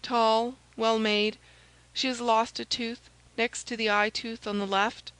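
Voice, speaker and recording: A woman's voice: on the high side, level tone, unhurried, fairly bright tone, clear, resonant tone, dry recording, poor audio. Woman doing a stern, commanding musketeer, audiobook. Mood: grave. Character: stern, phlegmatic older male musketeer.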